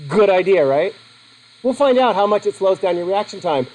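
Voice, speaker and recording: A man's voice: high voice, animated, normal speed, a little mellow, poor audio. A middle-aged man teaching a class in a joking, conversational way and putting questions to his students. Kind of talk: classroom lecture.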